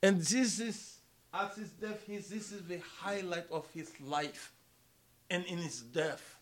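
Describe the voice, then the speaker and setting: A middle-aged male preacher with a high voice delivers a sermon at an unhurried, measured pace. He leans on repeated phrases for emphasis and speaks straight to his listeners as brother and sister.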